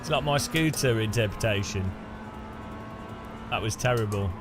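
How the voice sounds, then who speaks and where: A man's voice: on the low side, moderate pace, music in the background. A man chatting and joking with viewers while sim racing, laughing often. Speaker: streamer.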